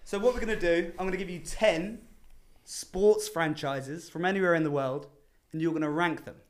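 A man hosting a podcast, telling a story in a casual, animated way and laughing as he goes. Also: on the high side, moderate pace. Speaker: podcast host.

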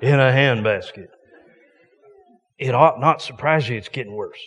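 A man's voice: medium pitch, unhurried, fairly bright tone, husky, big-room sound. A man preaching a sermon as a visiting preacher, folksy and joking with emphatic points.

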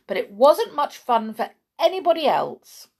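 A woman's voice: high voice, very animated, unhurried, pitched above the performer's own voice, heavily acted. A woman voicing a normally cheerful little man who sounds weary and complaining. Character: glum round cheerful-natured man.

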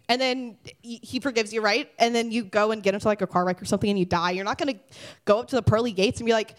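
A young woman giving a casual devotional talk to teens, lively and conversational, swinging from loud to hushed. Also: fairly high pitch, rapid-fire, few pauses. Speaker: youth speaker.

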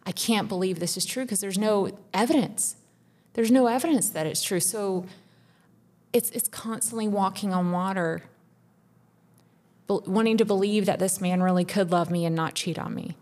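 A woman's voice: medium pitch, normal speed, darkish tone. Raw, profane woman confessing her fears. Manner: raw, intense, profane, rising to tearful. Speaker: podcast co-host. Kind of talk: emotional personal confession.

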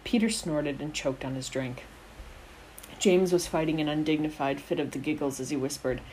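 Storyteller, woman, deep voice, steady reading, faint background hiss. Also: normal speed, low-quality recording. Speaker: narrator, audiobook reader. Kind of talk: fan fiction audiobook narration.

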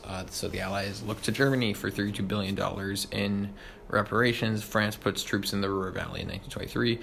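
Gravelly young man rattling through a review. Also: lowish voice, fairly even intonation, a bit bright. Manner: quick, with many ums and uhs. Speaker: history study reviewer. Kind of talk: rapid study review. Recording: faint background noise.

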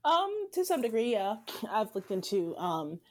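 A woman's voice: fairly high pitch, very animated, measured pace. A woman chatting casually as a guest, full of fillers and frequent laughter. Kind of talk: casual conversation. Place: Southern United States.

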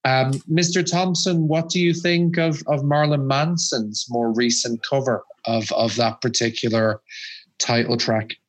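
An easygoing man chatting on a podcast, agreeable and relaxed in his delivery. His voice sits at an ordinary middle pitch. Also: unhurried, low-quality recording. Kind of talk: casual chat.

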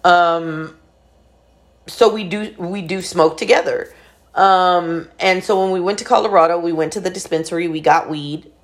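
A woman's voice: lowish voice, moderate pace. A woman in her forties candidly telling a personal family story in a chatty, profane way, with lots of fillers. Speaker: vlogger.

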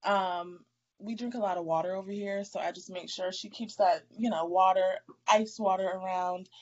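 A woman guest and mother chatting on a podcast in a relaxed, chatty way, laughing often. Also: medium pitch, normal speed, muffled recording. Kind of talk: casual podcast chat.

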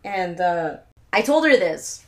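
Slow and sing-song, this young woman's fairly low voice carries her solo podcast. She tells rambling stories with lots of cursing and laughing asides.

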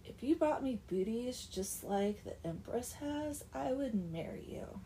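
A haughty young village beauty, voiced by a woman, mocking and bossy, pitched a touch higher. She sounds like a spoken folk tale told for laughs. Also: animated, unhurried, warm tone, a little hiss or hum, low-quality recording.

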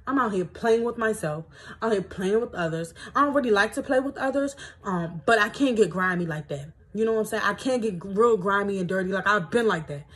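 Husky rambling woman from D.C. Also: mid-range voice, expressive, brisk, fairly bright tone. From Washington, D.C. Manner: loose and rambling, heavy fillers, reflective. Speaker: podcast host. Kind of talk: casual personal reflection, reading from a self-help book.

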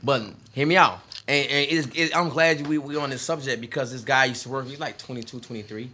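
A man in his thirties telling stories in a casual group chat, animated and repeating words as he gets going. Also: mid-range voice, fast. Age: 30s. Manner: animated storyteller, repeats words when excited.

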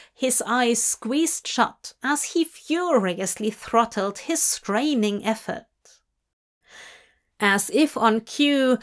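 A woman reads fan fiction aloud in a steady, measured way. Her voice sits on the higher side, and she takes her time over each sentence. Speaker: audiobook reader. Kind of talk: fanfiction audiobook narration.

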